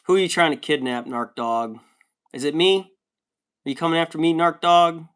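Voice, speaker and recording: A man's voice: a little high, normal speed, a bit bright, clean tone. A man in his thirties from the United States, chatting casually on a livestream and reading viewer comments aloud with a laid-back, joking manner.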